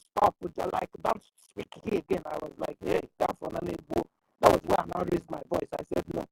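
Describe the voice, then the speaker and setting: A woman's voice: lowish voice, vocal fry, darkish tone, dry recording, rough recording. A woman speaking on an online group call, rambling and repeating "you understand?". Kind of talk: emotional call-in speech.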